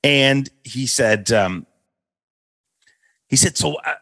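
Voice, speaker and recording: Middle-aged guy hosting a chat show, lively storyteller, dry close sound. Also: mid-range voice, slow, no room sound. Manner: animated, laughing storyteller. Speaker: podcast host.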